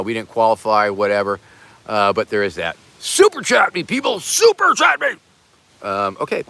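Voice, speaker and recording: An older man hosting a casual livestream, reading viewer messages with deadpan absurd jokes and bursts of loud begging for donations. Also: mid-range voice. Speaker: livestream host reading super chats.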